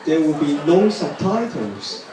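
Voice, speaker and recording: A man's voice: fairly high pitch, measured pace. Self-mocking young male stand-up comic. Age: 20s. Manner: deadpan, self-mocking, many fillers like "you know, uh". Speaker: stand-up comedian. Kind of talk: stand-up comedy set. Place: hotel pub venue, indoors, live audience. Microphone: far audience camera. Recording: echoey room, far mic, crowd noise.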